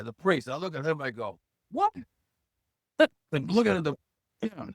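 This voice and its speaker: A man around seventy from Massachusetts, a podcast guest who tells lively stories and acts out the voices he quotes. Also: fairly high pitch, moderate pace, long pauses, no room sound, studio quality. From Hull, Massachusetts. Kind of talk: casual storytelling interview.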